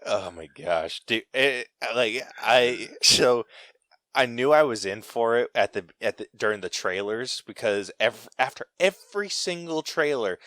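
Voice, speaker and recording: A young man at a close podcast mic, retelling a cinema trip in loose, animated chat with plenty of filler words. His pitch sits mid-range, and the sound is dry and close, with no room echo. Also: a little slow. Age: young adult. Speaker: podcast host. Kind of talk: casual chat.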